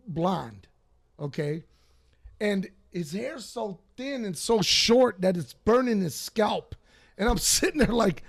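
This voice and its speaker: Gravelly-voiced Detroit man telling stories. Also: high-pitched, slow pace. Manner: profane, animated storyteller. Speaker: podcast host. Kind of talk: casual storytelling.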